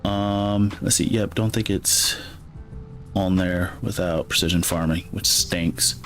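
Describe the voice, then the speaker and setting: A man's voice: deep voice, steady tone, slow, a bit bright, faint music behind. A man from Michigan with a Midwestern American accent, chatting casually as he streams a farming game and rambling to himself with lots of fillers. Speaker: gaming streamer. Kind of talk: casual gameplay commentary.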